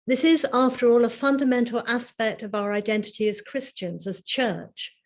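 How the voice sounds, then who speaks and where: A middle-aged woman with a slightly high voice gives a prepared lecture. She speaks in a measured, reflective way and builds her points through rhetorical questions. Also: a little mellow. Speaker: lecturer, Anglican priest and dean.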